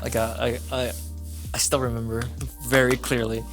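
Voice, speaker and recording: A mid-pitched man in casual podcast talk who lays out his point slowly, dotted with hesitant ums. Faint music sits underneath. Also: level tone. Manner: measured explaining, many "um" fillers. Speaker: podcast co-host. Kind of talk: casual chat.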